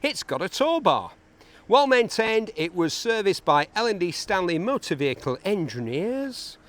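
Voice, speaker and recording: Man, auction car presenter, high animated voice, chatty and jokey, reverberant hall sound. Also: normal speed. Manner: enthusiastic, jokey asides to himself. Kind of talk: chatty car walkaround commentary. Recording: echoey large hall.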